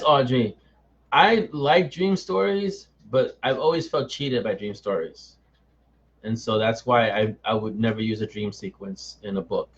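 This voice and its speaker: A middle-aged man chats with his live-stream audience, greeting viewers by name and joking at his own expense. His voice sits in a middle register. The sound is a little dull and lo-fi, like a webcam stream. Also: medium pitch. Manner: chatty, answers viewers by name, self-mocking. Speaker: author hosting a live chat. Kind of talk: casual live-stream chat reading comments.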